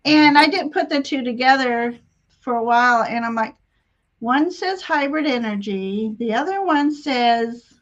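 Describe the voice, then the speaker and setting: A woman's voice: on the high side, a little slow, highs cut off. A woman hosting a live spiritual chat, telling a personal story in a rambling, emotional way with frequent laughs, heard over a video call. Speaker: tarot reader and channel host. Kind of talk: casual live-stream chat.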